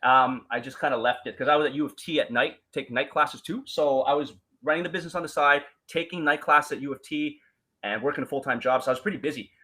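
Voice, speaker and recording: A man telling his story as a guest in a casual talk, animated, acting out quoted voices and using many fillers. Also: on the high side, fast, rough recording.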